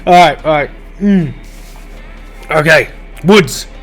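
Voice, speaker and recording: A man reads a comedy visual novel aloud, his pitch bouncing all over as he giggles through it. He swears offhandedly between lines. Faint music plays under him. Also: takes it slowly. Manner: giggly, animated, swears casually. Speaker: game streamer voicing all characters. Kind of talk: reading a visual novel aloud with laughs and asides.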